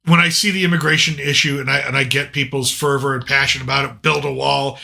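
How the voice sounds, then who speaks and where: A man's voice: mid-range voice, steady tone, fast, gravelly, few pauses, bright, forceful tone. An American man hosting a casual talk show, telling long stories with lots of restarts and acted-out quotes. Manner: rambling anecdotal, frequent restarts and quoted dialogue. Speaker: podcast host. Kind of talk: casual storytelling chat.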